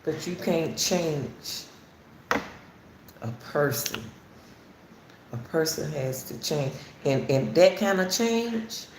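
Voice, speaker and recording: A woman's voice: low-pitched, expressive, slow, long pauses. A woman hosting casual spoken commentary on a case, talking repetitively and emphatically straight to her viewers. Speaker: commentary channel host. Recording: roomy echo, faint background noise.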